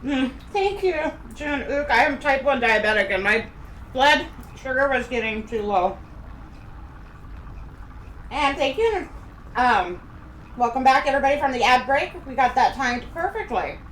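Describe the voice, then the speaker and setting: A woman's voice: high voice, lively intonation, measured pace, long pauses, a bit bright. A middle-aged woman from Kansas, chatting casually and rambling as she live-streams from home. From Kansas, USA. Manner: rambling, chatty, talks while eating. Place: home room. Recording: echoey room, faint background noise.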